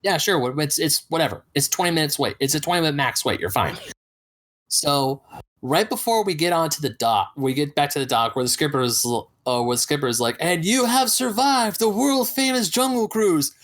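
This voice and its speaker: A man's voice: medium pitch, brisk, a bit bright. A man co-hosting a podcast, telling a story in casual chat and acting out the voices of people he quotes. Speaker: podcast co-host.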